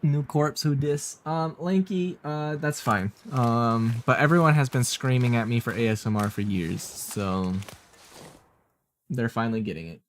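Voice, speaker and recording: A man talks through a survival game live, chatting and teasing his viewers as he plays. His voice sits in a middle pitch. A faint noise hangs behind him. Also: a little slow. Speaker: streamer. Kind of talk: live gameplay commentary.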